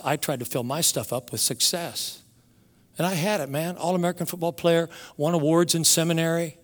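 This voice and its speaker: A man in his sixties, a pastor preaching a heartfelt sermon, moving between loud emphasis and hushed, quiet moments. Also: on the high side, big-room sound. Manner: emotional storytelling, swings from loud to hushed.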